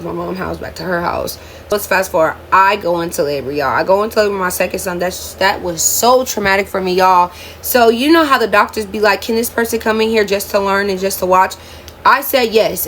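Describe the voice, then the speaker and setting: A young woman in her twenties speaks straight to her viewers in a storytime vlog, candid and emotional as she goes. Her voice sits at an ordinary middle pitch. A faint hum of room ambience runs under her talk. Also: fairly bright tone. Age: 20s. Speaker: vlogger telling her life story.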